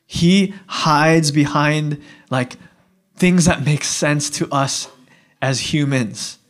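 A young man preaching a sermon in a casual, conversational way, often acting out what people would say. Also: fairly high pitch. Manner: animated, conversational, acting out dialogue. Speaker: pastor.

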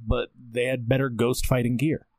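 A man's voice: mid-range voice, little pitch movement, normal speed, darkish tone, dry recording. A man in casual chat, laid-back and blunt, swearing casually as he recaps a show.

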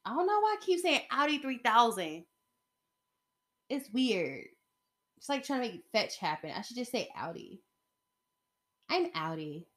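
A young woman hosting her own podcast, chatting casually and animatedly, getting excited as she tells stories. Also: fairly high pitch, a little slow, long pauses. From Atlanta area. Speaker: podcast host. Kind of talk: casual solo podcast chat.

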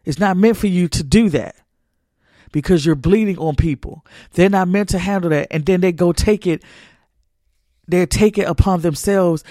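A man's voice: high voice, normal speed, mellow, no room sound. Preachy man exhorting in a dry room. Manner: exhorting, repetitive, folksy Southern-church phrasing. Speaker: podcast host. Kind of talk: preachy motivational talk.

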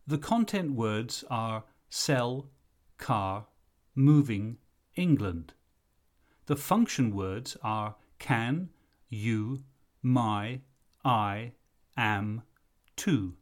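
A man teaching an English lesson, explaining things slowly and carefully. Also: mid-range voice, lively intonation. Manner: slow, careful explanatory delivery. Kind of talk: recorded lesson narration.

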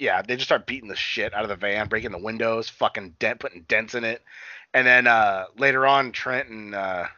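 Forceful and bright, this fairly low male voice talks a little fast as he co-hosts a laid-back podcast recapping wrestling. He rambles, swears, and is full of fillers and restarts; the lo-fi recording is dull, with no room sound.

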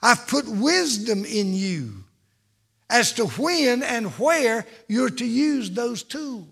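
A man's voice: very high-pitched, sing-song, takes it slowly, creaky, a bit bright, slightly rough, big-room sound. A man preaching a sermon from the pulpit, with an emphatic, repetitive cadence. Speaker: pastor.

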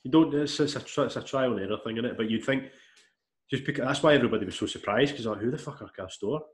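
A man's voice: medium pitch, quick pace. A Scottish man co-hosting a podcast, chatting casually and explaining things bluntly, with the odd swear. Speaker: podcast co-host. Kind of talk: casual chat.

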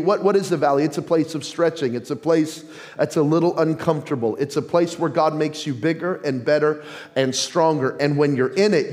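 High-voiced pastor preaching with rising passion. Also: male voice. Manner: passionate, builds to yelling; self-deprecating asides. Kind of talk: sermon.

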